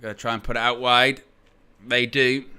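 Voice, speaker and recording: A man's voice: mid-range voice, flat delivery, moderate pace, sharp tone, smooth. A man hosting a fan watchalong of a football match, swearing, laughing and ranting at the referees.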